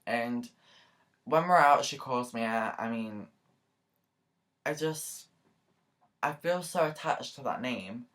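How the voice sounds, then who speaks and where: Speaking slowly with long pauses, a woman vlogger talks casually to camera in a rumbling low, fairly bright, expressive voice. She's chatty and sincere, getting emotional and wandering off into many asides and fillers.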